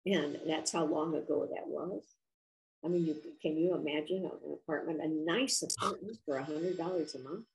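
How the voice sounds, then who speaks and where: An older woman guest telling a personal story, her low voice carrying a gravelly edge. She talks in a reflective, earnest way, taking her time. Her tone is sincere throughout. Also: moderate pace, a little mellow, slight background noise, low-quality recording. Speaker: author and interview guest.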